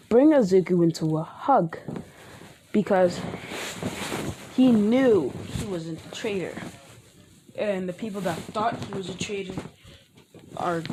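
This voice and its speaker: A woman's voice: fairly low pitch, noisy background. Rambling woman improvising a fan story. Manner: rambling, many restarts and fillers. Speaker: online video creator.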